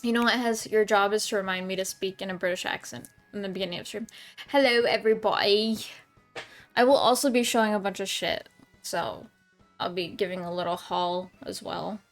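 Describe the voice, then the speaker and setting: A woman's voice: medium pitch, brisk, soft background music. A woman streamer chatting casually with her viewers at home, rambling with lots of ums and restarts. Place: home room.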